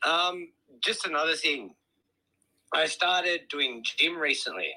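A man from Australia, calling into a podcast and chatting in a soft-spoken, hesitant way. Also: fairly high pitch, slow, rough recording. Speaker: caller. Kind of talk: casual call-in chat.

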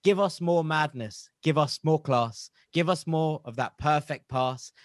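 A man's voice: on the high side, unhurried, dry recording, studio quality. A man hosting a casual football podcast, reciting a rhyming poem and then bantering and laughing with his co-hosts. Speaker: podcast host.

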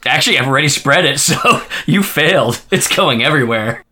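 A man on a podcast panel, tossing out playful quick quips in casual banter. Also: on the high side, animated, bright, forceful tone. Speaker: podcast guest.

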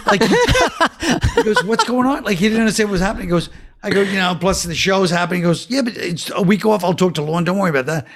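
A man, a guest comedian, telling a story in casual talk and quoting others in a flat, low voice. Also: fast talker.

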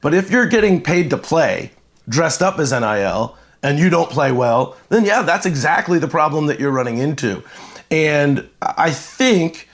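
A man talking through college sports business in a measured, explanatory way, with frequent fillers and restarts. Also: fairly high pitch, animated. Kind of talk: conversational sports talk.

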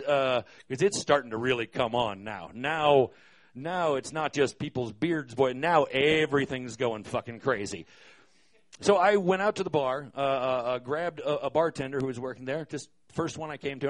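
A man's voice: mid-range voice, moderate pace. A man, a concert venue manager, telling a live stage story in a wry, profane way, hesitating often with fillers.

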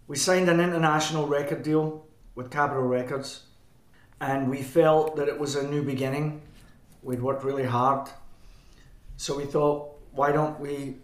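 A Scottish man of middle pitch spins a winding story, backtracking and fixing his words mid-sentence. His voice carries a noticeable room echo around it. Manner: rambling, self-correcting, chuckling. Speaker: band frontman, guest. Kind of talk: anecdotal storytelling. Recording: roomy echo.

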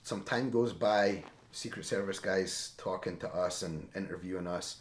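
A man telling a story in a casual, animated way, often tagging his lines with "right?". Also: low-pitched, moderate pace. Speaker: interview guest. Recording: roomy echo.

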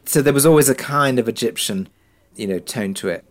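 Relaxed man thinking aloud. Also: medium pitch, a little fast. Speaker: drama producer, guest. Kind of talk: reflective interview answers.

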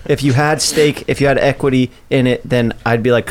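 A man's voice: medium pitch, fairly even intonation, fairly quick, crowd noise. A young man hosting a casual podcast chat, joking and swearing as he tells a story. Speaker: podcast host.

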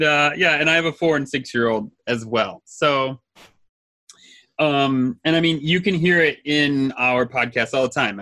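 A man's voice: mid-range voice, sharp tone, dry recording. A man in his thirties co-hosting a casual podcast, rambling and laughing often. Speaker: podcast co-host. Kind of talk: casual chat.

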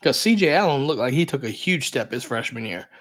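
A man with a medium-pitched, fairly bright voice co-hosts a sports podcast, speaking briskly and with animation. His analysis of the team rambles, full of hedges and repeated fillers.

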